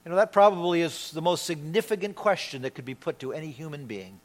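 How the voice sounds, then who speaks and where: A male pastor preaching a sermon in a church, emphatic, swinging between loud declarations and quiet, slow asides. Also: a little high, lively intonation. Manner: emphatic preaching with dramatic swings in loudness and pace.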